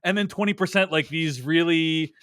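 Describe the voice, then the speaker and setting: High-voiced man, dry close sound. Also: fairly bright tone, clear, resonant tone, no echo. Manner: measured, hedging, playing devil's advocate. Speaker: podcast co-host. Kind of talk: casual film review chat.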